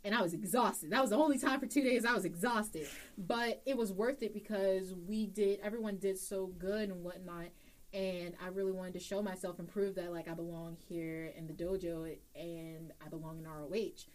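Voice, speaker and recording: A woman's voice: fairly low pitch, moderate pace. Young woman telling a wrestling story. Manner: animated, acts out quotes in story. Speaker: wrestler, interview guest. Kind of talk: casual storytelling interview.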